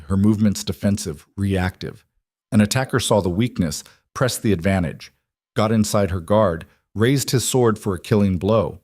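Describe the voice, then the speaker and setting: A man reading a dramatic story aloud as narrator, steady and even, voicing the characters' lines himself. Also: on the low side, no room sound, clean studio sound. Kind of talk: scripted narration.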